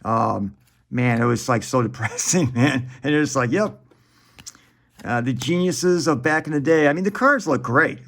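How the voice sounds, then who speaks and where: A man's voice: mid-range voice, expressive, moderate pace, gravelly, a bit bright. A man in his forties chatting casually while opening trading card packs, rambling and profane, chuckling often.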